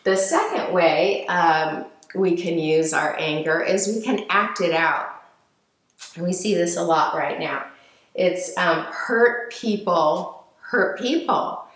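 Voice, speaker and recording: A woman giving a reflective teaching talk, speaking gently with frequent fillers and restarts. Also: fairly low pitch, slow, reverberant, poor audio. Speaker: speaker on emotional healing.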